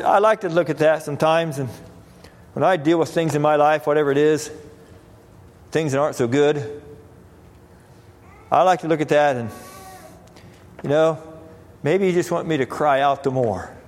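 A man's voice: fairly high pitch, moderate pace, pauses often. Man preaching in a reverberant hall. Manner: reads scripture in King James wording, repeats phrases. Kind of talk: sermon.

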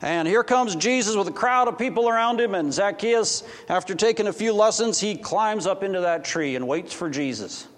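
Guy preaching a sermon, highish voice, lots of restarts, echoey long reverb. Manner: acts out dialogue with quick voice shifts, restarts often. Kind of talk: sermon storytelling.

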